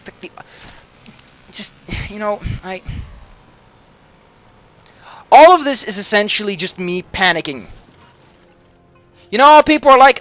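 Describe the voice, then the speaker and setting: A man talks over a video game he is playing, rambling nervously and swearing freely. His voice sits high and bright. His pitch jumps all over the place. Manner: rambling, anxious, heavy swearing. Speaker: gaming commentator. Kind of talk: casual let's play commentary.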